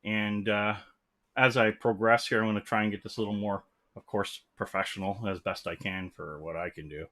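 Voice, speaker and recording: A man's voice: on the low side, fairly even intonation, brisk, sharp tone. A man hosting a live stream from his room, rambling casually and greeting viewers as they join. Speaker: livestream host. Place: home room. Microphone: desk mic.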